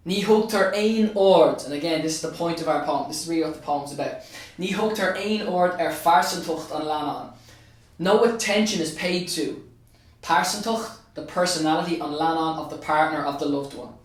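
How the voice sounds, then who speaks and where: In an exam revision tutorial, an Irish teacher and state examiner walks students through an answer step by step, switching between Irish and English and repeating key phrases. His voice is a little high and moderately paced, heard far from the mic with heavy reverb.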